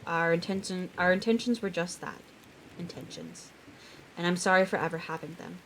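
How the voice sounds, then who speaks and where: A woman with a slightly low voice reads a novel aloud on a live stream. Her reading is steady, broken now and then by short chatty reactions and small stumbles over words. Faint rain patters in the background. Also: quick pace, slight background noise. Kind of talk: live read-aloud with asides.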